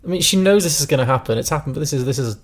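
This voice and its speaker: Guy cohosting, dry teasing jokes, lively up-and-down voice, a bit raspy. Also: fairly high pitch, very fast. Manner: wry, teasing reactions. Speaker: podcast co-host. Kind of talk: casual podcast chat.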